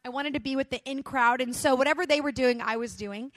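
High-voiced woman preaching a sermon. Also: a little fast, no echo. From California. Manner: storytelling, asks the audience questions. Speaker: pastor.

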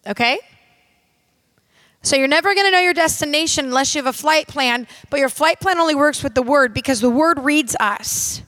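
High-voiced woman preaching emphatically. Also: normal speed, a bit bright, dry recording. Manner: emphatic, direct and conversational, addressing the audience. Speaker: minister. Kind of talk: sermon.

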